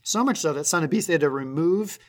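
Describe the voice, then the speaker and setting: A woman co-hosting a podcast in casual chat, telling stories animatedly. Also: fast. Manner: animated storyteller, jumps high on excited lines. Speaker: podcast co-host.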